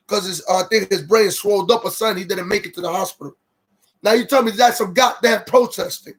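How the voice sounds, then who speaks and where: A man hosting a casual livestream, greeting viewers and repeating himself, growing heated and incredulous as he comments on a video. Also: sits high. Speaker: livestream host.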